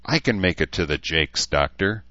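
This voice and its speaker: A man's voice: sits low, lively intonation, moderate pace, pushed and bright, no echo, highs cut off. A man voicing a weak, injured young man who is stubborn and querulous. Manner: querulous, irritable.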